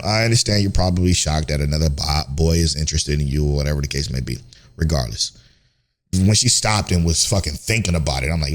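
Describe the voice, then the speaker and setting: A fired-up man, pitched a little low, hashing out anime plots on a laid-back podcast. He swears often and slips into character voices while recapping scenes. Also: fast talker. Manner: animated, profane ranting, acts out quoted characters. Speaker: podcast co-host. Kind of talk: casual anime discussion podcast.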